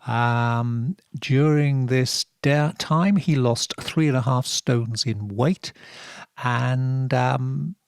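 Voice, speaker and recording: A man with a Norfolk accent hosting a radio show, telling odd stories in a relaxed, wry way with many fillers. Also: mid-range voice, very slow, vocal fry, clear, resonant tone, dry recording, studio quality. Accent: Norfolk English. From England. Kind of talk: relaxed radio talk with dry asides.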